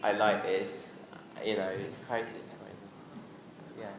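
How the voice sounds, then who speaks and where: A man's voice: on the low side, level tone, takes it slowly, creaky. English guy telling stories on a panel, laughs a lot, does little voices. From England. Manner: rambling, laughing, acts out family voices. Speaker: panel guest. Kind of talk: casual convention Q&A. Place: convention panel room. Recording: echoey hall, noisy crowd room.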